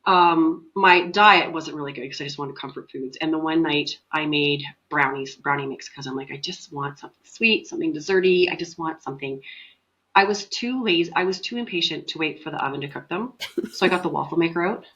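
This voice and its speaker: Woman, middle-aged, sick with a cold, chatty, lowish bright voice, dull lo-fi sound. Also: fairly quick. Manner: chatty, animated storyteller. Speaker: podcast co-host, mother. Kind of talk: casual chat.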